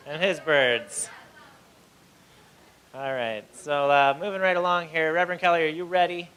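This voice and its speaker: Male emcee, high bright voice, lively swings, slight room noise. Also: normal speed, long pauses. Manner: animated, hyping the crowd. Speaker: open mic host and comic. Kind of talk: stand-up and emceeing. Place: small comedy club stage.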